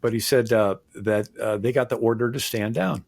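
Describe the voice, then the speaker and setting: A historian guest talking in an interview, rambling with many fillers and restarts. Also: male voice, mid-range voice, steady tone, normal speed, vocal fry, darkish tone, no echo. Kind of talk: conversational interview.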